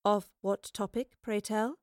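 A woman's voice: medium pitch, a little slow, dry recording, close to an everyday voice. A woman voicing a mysterious soothsayer woman who talks in formal riddles with dry sarcasm, in a dry close recording. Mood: cryptic, dry. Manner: calm, riddling, formal speech.

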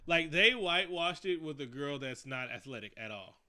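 A man casually recapping a movie with a co-host, talking in an animated, profane, jokey way. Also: on the high side, normal speed. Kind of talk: casual chat.

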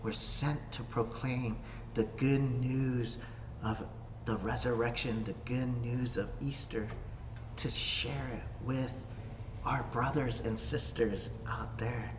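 Slow, bright-voiced pastor in an echoey hall. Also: male voice, medium pitch, steady tone. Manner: swings from hushed whispers to sudden shouts. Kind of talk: sermon preached to camera. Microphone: facing a camera. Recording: echoey hall, faint room noise.

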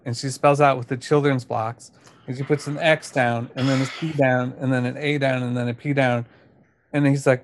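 A man's voice: medium pitch, level tone, normal speed, a little hiss or hum. A man in casual chat, animatedly retelling a scene and acting out the quotes.

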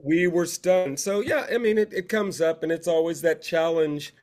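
A man's voice: a little high, normal speed, a little mellow. A man co-hosting over a video call and telling theater stories in a casual, anecdotal way. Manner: anecdotal storyteller. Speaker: co-host, theater director.

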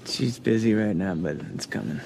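A flustered male airline passenger, pleads meekly and turns defensive, his voice swinging up and down. Steady cabin noise hums under the film clip. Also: lowish voice, moderate pace, gravelly. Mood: pleading. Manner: meek, pleading, increasingly defensive.

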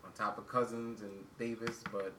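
A man's voice: fairly low pitch, little pitch movement, normal speed, far from the mic. A man hosting a casual sports podcast, teasing his co-hosts and steering the talk. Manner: hyping, teasing, asks questions. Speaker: podcast host. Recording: roomy and noisy, off-mic.

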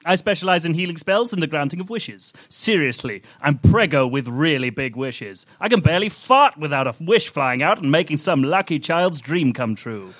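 A man's voice: on the high side, lively intonation, normal speed, few pauses, a bit bright. A man voicing a smug, petty male cleric who grants wishes, mock-solemn and flippant.

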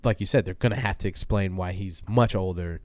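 Man, podcast co-host, low voice, dry close sound, rambling casual chat. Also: brisk, a little mellow, no echo. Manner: rambling, thinks aloud with fillers.

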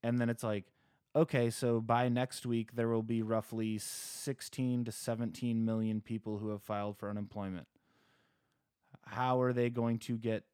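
A man's voice: lowish voice, a little mellow, no room sound, clean studio sound. A man co-hosting a podcast, talking in a sarcastic, angry, casual way. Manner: sarcastic, angry political ranting. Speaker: podcast co-host. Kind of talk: casual chat.

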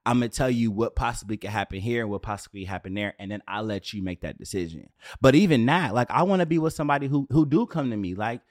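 A man in his late twenties talking casually as a podcast host, animated and profane with streetwise slang, in a dry room on camera. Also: medium pitch, fast talker, few pauses, dry recording. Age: 20s. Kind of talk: casual solo rant.

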